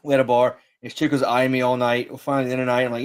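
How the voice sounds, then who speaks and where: A man's voice: medium pitch, level tone, very fast, smooth. A man in a casual chat, telling stories with frequent restarts and swearing. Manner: rambling, swearing, many restarts.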